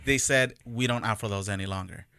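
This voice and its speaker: A man in his thirties with a bright, clear voice chats casually and tells a story with energy. He slips into little voices for the people in it. The sound is close and dry. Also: fairly low pitch, fairly quick, no echo. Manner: animated storyteller, acts out quotes. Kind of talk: casual chat.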